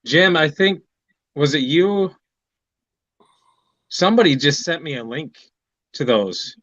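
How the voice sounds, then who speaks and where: A man chatting casually on a remote line, unhurried and trailing off with fillers. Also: on the high side, animated, no room sound, dull audio. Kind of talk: casual chat.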